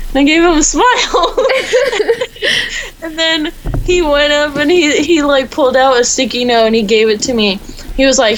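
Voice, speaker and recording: A woman's voice: sits high, animated, measured pace, a bit bright, slight background noise, low-quality recording. A teenage girl co-hosting a casual podcast, telling a long rambling story full of fillers. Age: teens. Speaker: podcast co-host. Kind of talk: casual chat.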